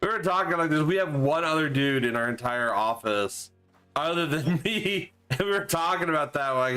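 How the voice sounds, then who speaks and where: A man's voice: fairly high pitch, expressive, normal speed, pushed and bright, clear, resonant tone. Sweary streamer guy ranting casually, faint music behind. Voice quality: profane, blunt.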